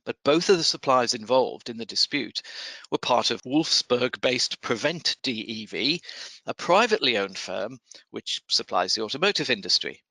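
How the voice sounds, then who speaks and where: A man hosting a podcast, reading procurement news in a measured, dryly wry way and then interviewing a guest. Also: mid-range voice, animated, gravelly, bright, forceful tone, no room sound, low-quality recording. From United Kingdom. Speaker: podcast host. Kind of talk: scripted news commentary and interview.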